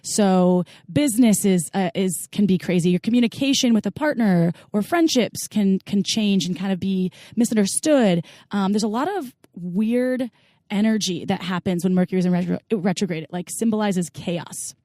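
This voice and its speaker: A woman's voice: medium pitch, moderate pace, dark tone, dry recording, studio quality. A woman co-hosting a casual podcast, chatty and playful, filling her talk with "like". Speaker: podcast co-host.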